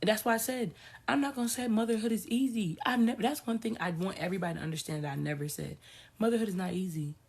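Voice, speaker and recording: A woman's voice: mid-range voice, fast, darkish tone, husky. A woman spiritual coach giving casual ranting commentary to her followers, talking emphatically and repeating phrases for stress.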